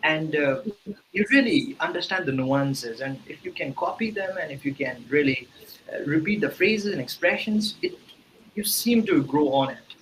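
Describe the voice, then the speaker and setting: A man's voice: on the high side, animated, moderate pace, a bit bright, a little hiss or hum, low-quality recording. A man from India, a guest in an interview, explaining earnestly with examples and fillers. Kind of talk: casual interview talk.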